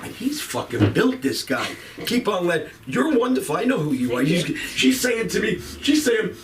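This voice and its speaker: A man's voice: high-pitched, sing-song, a little fast, fairly bright tone, recorded from a distance, slight background noise. A man doing crowd-work stand-up on a club stage, rambling and profane as he teases people in the audience. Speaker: stand-up comedian.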